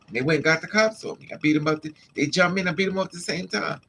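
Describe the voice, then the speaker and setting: Gravelly, emphatic streamer telling his story. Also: fairly high pitch, very fast, a bit bright, slight background noise. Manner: emphatic, street-casual, addresses listeners as honey and child. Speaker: livestream host. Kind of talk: candid personal storytelling.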